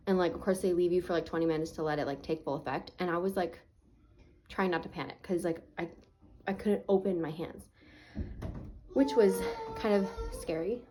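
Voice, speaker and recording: A woman's voice: lowish voice, fairly quick, pauses often, warm tone, a little hiss or hum, poor audio. A woman vlogger telling a personal story to camera in a casual, chatty way, full of "like" fillers, talking through a swollen, sore face. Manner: earnest, faith-minded reflection.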